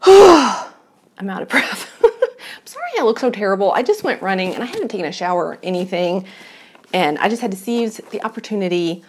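Chatty woman with a lively voice. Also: medium pitch. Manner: chatty, rambling, self-deprecating, laughs often. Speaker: knitting vlogger. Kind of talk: casual chat to camera. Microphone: camera she is filming herself with.

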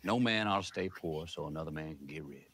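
An actor with a Southern US accent playing a defiant rebel leader, proclaiming in a slow, solemn drawl. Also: male voice, a bass voice, fairly bright tone.

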